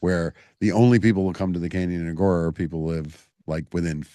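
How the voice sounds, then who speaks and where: A man with a very low voice hosts a radio interview, upbeat and quick to laugh. The sound is dry and close, with no room around it. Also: steady tone, dark tone, no room sound. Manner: enthusiastic, laughs easily, talks business. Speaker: radio host and club owner. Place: radio studio.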